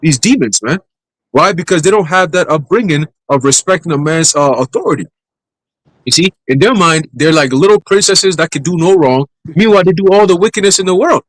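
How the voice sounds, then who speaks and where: A man's voice: on the high side, expressive, brisk, no echo, poor audio. A man talking bluntly and profanely in a casual group chat. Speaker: discussion participant.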